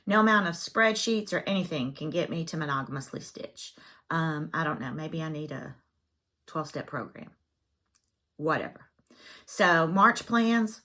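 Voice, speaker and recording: A woman's voice: lowish voice, a bit bright. A woman chatting casually as a cross-stitch vlogger, self-deprecating and full of fillers. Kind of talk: casual chat.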